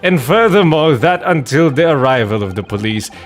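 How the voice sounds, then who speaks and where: A man voicing a stern prosecutor with a mock German accent, giving a measured, formal courtroom delivery for a fan dub of a video game. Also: medium pitch, lively intonation, soft background music, voice pushed up, close to an everyday voice.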